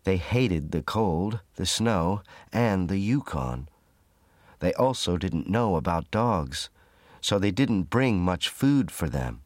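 A man reads a storybook slowly and clearly, as if for learners. His voice sits very low but moves with lively intonation, recorded dry and close. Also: no echo. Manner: measured, clear reading for learners. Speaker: narrator. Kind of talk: slow, simple storybook narration.

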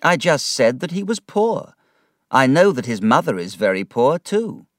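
A man reading aloud as a haughty rich schoolboy, pitched well above his own voice and sneering at his teacher. His delivery is loud and lively. It is recorded dry, with the voice a little off the mic. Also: measured pace, dry recording, distant mic. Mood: sly.

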